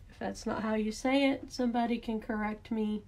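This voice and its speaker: A woman's voice: a little high, steady tone, brisk, background noise. A woman with a Southern accent, casually talking through a card-making demonstration, thinking aloud and correcting herself as she works. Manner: chatty, thinks aloud while working, self-correcting.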